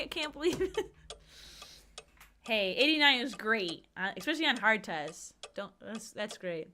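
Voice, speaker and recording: A young woman with a high-side, sharp voice and lively intonation streams a point-and-click game, speaking a little slowly. She chats casually with her viewers, talking to chat and exclaiming at the puzzles. There is a little hiss or hum in the recording.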